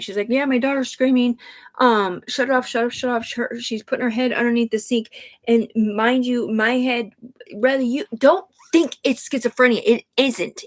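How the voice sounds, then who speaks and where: Agitated, swearing woman rambling on a livestream. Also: on the high side. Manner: agitated, profane, run-on talk with many restarts; addresses listener as sir.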